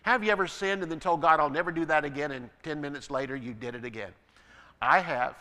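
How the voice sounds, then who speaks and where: A man preaching a sermon as pastor, building to emphatic peaks and then dropping to quiet asides. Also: a little high, fast, big-room sound. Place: church.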